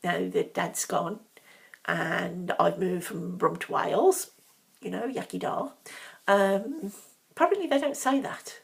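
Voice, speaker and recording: A woman's voice: fairly low pitch, measured pace, creaky. A middle-aged woman with a Brummie accent, talking frankly in a casual, rambling monologue full of asides. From Birmingham, England. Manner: chatty, frank, with frequent ums and asides. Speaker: vlogger.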